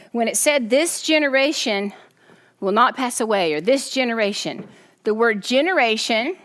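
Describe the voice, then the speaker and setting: A woman preaching to a group, her voice sitting a little high. She is animated and keeps checking in with her listeners as she teaches. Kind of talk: sermon.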